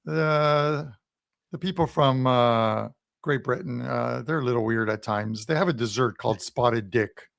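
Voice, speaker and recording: A man's voice: mid-range voice, unhurried, gravelly, a bit bright, no room sound, clean studio sound. A man from Canada co-hosting a live sports show, telling joking stories in a casual way with lots of fillers. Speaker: betting show co-host.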